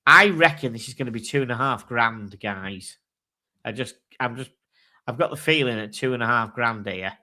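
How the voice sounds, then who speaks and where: A host with a bright, forceful, medium-pitched voice runs a casual live chat at a moderate pace. He thinks aloud, swears freely, and reads out specs and prices in an easy, offhand manner.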